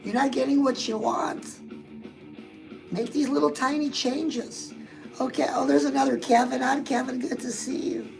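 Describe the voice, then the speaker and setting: A woman's voice: high voice, fairly even intonation, normal speed, creaky, over music, low-quality recording. A woman hosting a casual motivational live stream, chatting straight to her viewers and reading out their comments.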